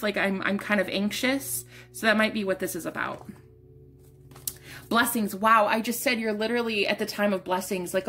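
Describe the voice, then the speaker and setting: A woman's voice: medium pitch, fairly bright tone. A young woman giving a casual tarot card reading, chatty and rambling, a little out of breath. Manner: chatty, rambling, restarts words, swears casually. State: a bit out of breath. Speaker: tarot reader.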